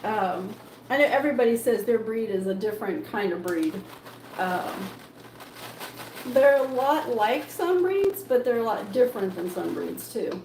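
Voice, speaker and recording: A young woman chats on a home cooking livestream, laughing often and filling pauses with ums. She talks slowly in a slightly high voice. The kitchen sounds echoey, with a faint hum of noise behind her. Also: expressive, darkish tone. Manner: baby-talk praise to her dogs. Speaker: livestream host. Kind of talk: casual chat while cooking.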